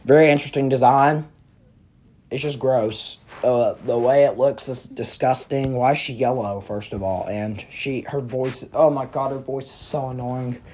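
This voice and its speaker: A man hosting a casual review vlog, talking excitably and ranting with plenty of exaggeration. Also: mid-range voice, moderate pace, slight background noise. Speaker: prop reviewer, channel host.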